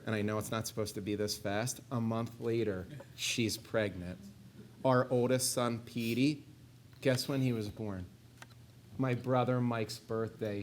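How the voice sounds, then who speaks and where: A middle-aged man giving a personal faith testimony, animated in places and hushed and earnest in others. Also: mid-range voice, slight background noise. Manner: animated, shifts between excited and hushed earnest tones.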